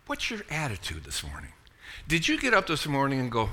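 A man's voice: medium pitch, huge pitch swings, a little fast, sharp tone, a little hiss or hum. A middle-aged man preaching a sermon in a conversational, joking way, often asking the congregation questions. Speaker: pastor.

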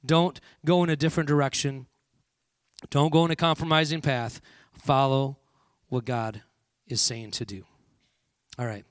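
A man's voice: mid-range voice, steady tone, a little slow, pauses often, dry recording, studio quality. A man preaching a sermon to a congregation, with frequent call-and-response and "all right" checks. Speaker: pastor.

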